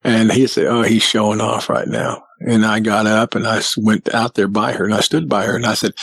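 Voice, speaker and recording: A man telling a personal story as a guest, lively and acting out what people said. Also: on the low side, brisk, creaky, hardly any pauses, breathy edge, dry recording, poor audio. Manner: animated storyteller who acts out quotes. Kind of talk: casual storytelling.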